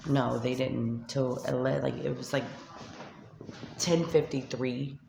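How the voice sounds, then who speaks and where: Tearful and upset, a shelter resident with a New York accent recounts an argument while venting to her vlog camera. She speaks in a gravelly, rumbling low voice with a darkish tone. The shelter room by a street window sounds roomy, with a little background noise.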